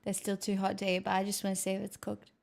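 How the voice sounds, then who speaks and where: A woman's voice: medium pitch, monotone, quick pace, gravelly. A woman live streamer chatting casually with her viewers at home in her kitchen, playful and self-mocking.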